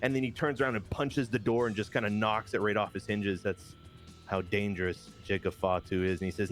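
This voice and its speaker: A man telling the story of a wrestling video game in casual, animated commentary with crude jokes. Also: on the low side, brisk, faint music behind.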